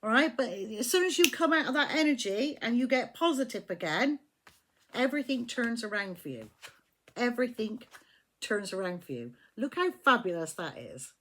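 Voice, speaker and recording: A woman with a fairly high, sing-song voice gives a casual tarot reading at normal speed, her tone fairly bright over slight background noise. She's chatty and swears freely, repeatedly checking in with "do you know what I mean".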